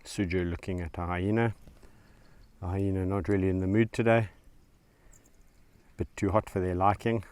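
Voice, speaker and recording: His voice sits low and smooth, at a normal speed with frequent pauses. A middle-aged wildlife channel host, he gives relaxed, chatty commentary on the spot outdoors at a sanctuary, talking to the animals and chuckling a lot.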